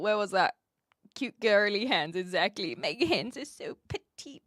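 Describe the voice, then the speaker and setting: A woman's voice: mid-range voice, animated, measured pace, a bit bright, dry recording, studio quality. A woman with a New Zealand accent chatting casually with her live audience as a streamer, reading out and answering their messages. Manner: chatty, reads viewers' messages aloud and answers them.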